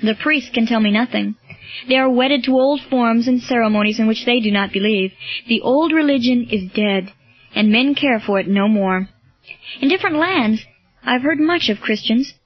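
A woman's voice: a little high, normal speed, dry recording, soft background music, lightly acted. A woman reading the part of an earnest young male Roman soldier, speaking in a pleading, searching way. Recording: dull lo-fi, dry.

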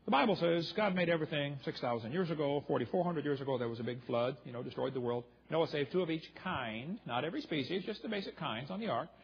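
A man's voice: on the high side, lively intonation, fast talker, vocal fry, hardly any pauses, husky. A man giving a folksy, joking sermon, telling stories and acting out both sides of his exchanges. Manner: joking, folksy, acts out dialogue in quotes. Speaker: creationist preacher. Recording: muffled lo-fi recording.

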